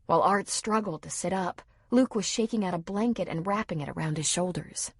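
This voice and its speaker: Husky, low-voiced audiobook narrator woman. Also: fairly quick, no room sound, clean studio sound. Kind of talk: scripted narration.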